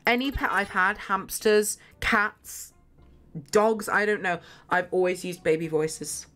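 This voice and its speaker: A woman's voice: mid-range voice, steady tone, slow, fairly bright tone, faint music behind. A young woman livestreaming a game from her bedroom, chatting casually and giggling as she plays. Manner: chatty, giggly, talks to herself while playing. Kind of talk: casual gameplay chat. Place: home bedroom.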